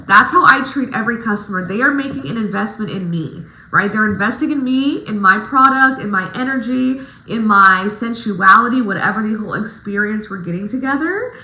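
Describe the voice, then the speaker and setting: A woman's voice: mid-range voice, expressive, fairly quick, few pauses, pushed and bright, roomy sound, slight background noise, rough recording. A woman giving casual vlog advice as a dancer coaching other dancers, talking emphatically with plenty of swearing. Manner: emphatic, profane, pep-talk delivery.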